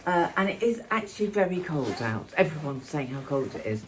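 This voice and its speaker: A woman's voice: low voice, big pitch swings, fairly quick, a little hiss or hum. An older woman from England chatting casually to her phone camera, rambling and affectionate, walking about outdoors and at home. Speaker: vlogger.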